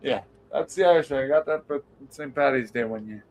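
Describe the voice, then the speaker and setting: A man's voice: medium pitch, fairly quick, poor audio. A man hosting a casual late-night podcast from home, telling rambling stories, laughing and cursing freely. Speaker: livestream host.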